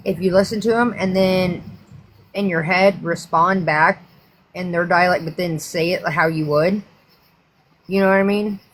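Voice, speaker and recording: A woman's voice: lowish voice, steady tone, a little slow. An American woman hosting a livestream, chatting casually in a rambling, frank and profane way. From United States. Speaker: livestream host. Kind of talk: casual chat.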